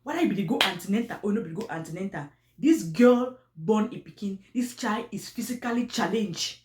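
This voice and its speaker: Animated woman with Cameroonian Pidgin English accent. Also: mid-range voice, a little fast, echoey room. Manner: animated, repetitive, with pidgin phrasing and frequent restarts. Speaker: commentary vlogger. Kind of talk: casual commentary on online personalities.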